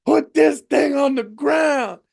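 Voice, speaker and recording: A man doing a comedic impression of a panicked man on a shaking plane, yelling the same frantic question over and over. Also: extremely high pitch, slow pace, gravelly, voice pushed up, full character voice. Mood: panicked shouting.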